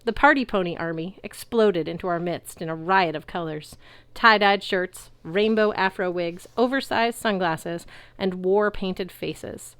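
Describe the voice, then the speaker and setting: Smooth, low-voiced woman reading aloud. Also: a little slow, no echo. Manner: lively, shouts the characters' cries. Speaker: audiobook reader.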